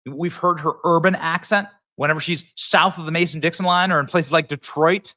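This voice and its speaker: A man's voice: a little high, steady tone, brisk, hardly any pauses, pushed and bright. A man hosting a political commentary show, talking in a mocking, punchy, sarcastic way.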